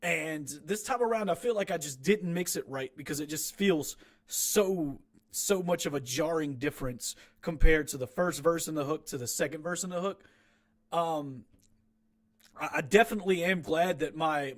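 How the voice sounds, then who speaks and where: A man's voice: on the high side, moderate pace. A young man talking casually from his small home recording room, critiquing his own rap track in a rambling, frank, self-deprecating way with many restarts.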